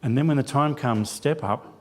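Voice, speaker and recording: A man's voice: mid-range voice, moderate pace. A man giving a church sermon as a lay preacher, telling a self-deprecating personal story with quoted dialogue. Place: church sanctuary.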